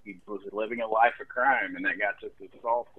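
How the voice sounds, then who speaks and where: A man co-hosting a casual comedic podcast, animated and quick to laugh. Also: lowish voice. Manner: animated, laughing, jumps into loud mock voices. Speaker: podcast co-host. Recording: dull lo-fi sound.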